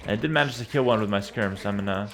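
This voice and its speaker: Relaxed man giving stumbling game commentary. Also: lowish voice, very fast. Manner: stumbles, repeats and slurs words; relaxed, chatty, confident. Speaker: streamer playing a strategy game. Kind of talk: casual live gameplay commentary.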